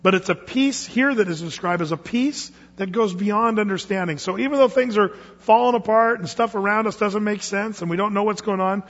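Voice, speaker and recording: A man's voice: sits high, fairly quick, hardly any pauses, a bit bright. A man preaching a sermon to a congregation in a conversational, joking way, asking them questions. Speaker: pastor. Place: church sanctuary. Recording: echoey hall, dull lo-fi sound.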